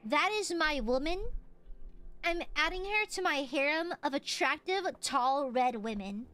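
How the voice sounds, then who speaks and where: Woman streamer, high voice, bouncy lively delivery, crude jokes and giggles. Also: unhurried. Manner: playful, crude, laughs often. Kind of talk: casual game streaming chat.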